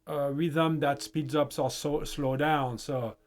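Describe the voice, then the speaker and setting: A man gives a music lesson on rhythm, speaking slowly in short, unhurried phrases. His voice sits a little high for a man. He often chants rhythm syllables to show the timing. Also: steady tone. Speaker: music teacher. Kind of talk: instructional explanation.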